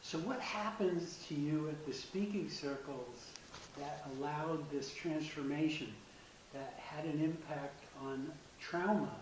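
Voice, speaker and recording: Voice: mid-range voice, slow. An interviewer asking short, probing questions. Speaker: interviewer, workshop leader. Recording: roomy, distant mic with faint hiss.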